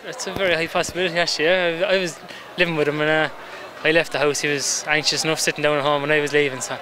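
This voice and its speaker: A man's voice: fairly high pitch, flat delivery, rapid-fire. A man, a jockey, chatting casually and wryly outdoors. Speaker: jockey being interviewed. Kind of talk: casual chat. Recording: outdoor noise behind.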